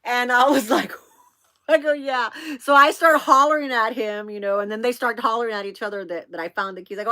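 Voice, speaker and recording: A woman's voice: on the high side, fairly quick, pushed and bright, no room sound. A woman in her fifties hosting a vlog, telling a rambling story to her viewers in a chatty way, laughing often and calling them "y'all". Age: 50s. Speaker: vlog host.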